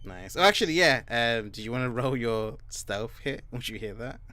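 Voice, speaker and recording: A young man running a tabletop game as game master, narrating slowly with many ums and pauses. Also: medium pitch, expressive, over music. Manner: slow, halting narration full of ums and uhs.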